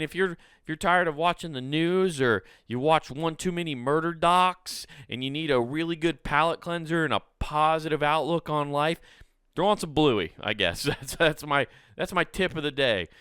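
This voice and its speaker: A man's voice: a little high, expressive, normal speed, fairly bright tone, smooth, no room sound, clean studio sound. A man hosting a solo podcast, talking in a rambling, jokey way, laughing often and swearing now and then. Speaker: podcast host. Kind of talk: casual solo podcast chat.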